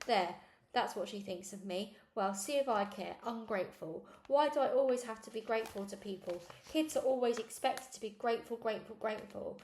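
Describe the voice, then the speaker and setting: Mujer leyendo un cuento en sala con eco. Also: female voice, on the high side, a little fast, a little mellow. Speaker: reader. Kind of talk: first-person storybook read-along. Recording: echoey room, faint noise.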